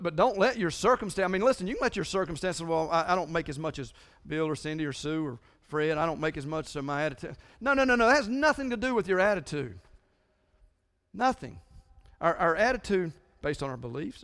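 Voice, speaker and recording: A middle-aged man preaching a sermon to his congregation as their pastor, earnest and confessional, urging a quiet crowd to wake up. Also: high-pitched, gravelly. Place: church sanctuary.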